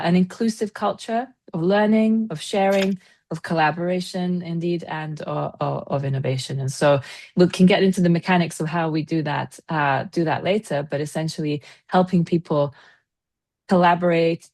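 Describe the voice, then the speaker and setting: A woman's voice: sits low, vocal fry, darkish tone. A woman leading a global practice at a development organization, speaking on a panel over a video call with many fillers and hesitations. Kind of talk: casual panel conversation.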